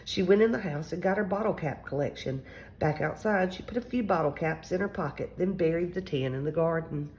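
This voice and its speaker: A woman reading a children's picture book aloud at a gentle, steady pace. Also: on the low side, a little fast, rough recording. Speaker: storyteller.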